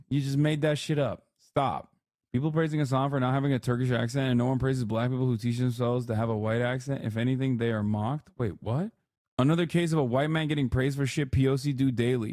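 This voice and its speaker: Casual guy streamer reading chat, mid-pitched voice, dry close mic, bit sarcastic. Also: fairly even intonation, fast talker, a little mellow, dry recording. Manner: blunt, sarcastic, conversational. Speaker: live streamer. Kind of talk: casual chat reacting to viewer comments.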